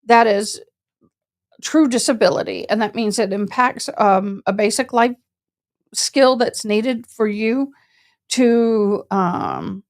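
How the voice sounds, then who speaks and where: A woman's voice: on the high side, takes it slowly. A woman telling a story casually and colloquially, a service dog handler who acts out other people's voices.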